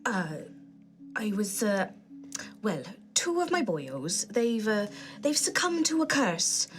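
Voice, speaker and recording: A woman's voice: mid-range voice, normal speed, fairly bright tone, faint music behind, lightly acted. A woman voicing a male adventurer who is nervous and polite, hesitant and full of fillers. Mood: earnest.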